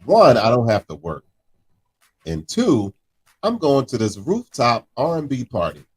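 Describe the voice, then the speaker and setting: A man co-hosting a casual chat show, animated, often repeating words and laughing. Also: mid-range voice, unhurried, husky. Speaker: co-host.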